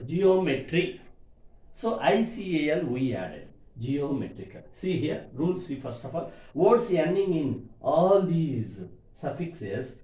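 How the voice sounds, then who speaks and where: A man's voice: on the high side, mellow. A man teaching word stress, spelling out words letter by letter and calling his listeners "my dear students". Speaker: English teacher. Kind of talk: classroom lecture on word stress. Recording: echoey room.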